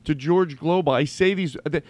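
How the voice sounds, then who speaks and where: A man with a notably high voice, recorded dry and close. He hosts a comedy chat, piling up profane oaths in mock outrage and tripping over his own restarts. His rants swing between mumbled asides and loud, exaggerated swearing. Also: animated, fairly quick, no echo. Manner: rambling with frequent restarts. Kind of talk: comedic banter.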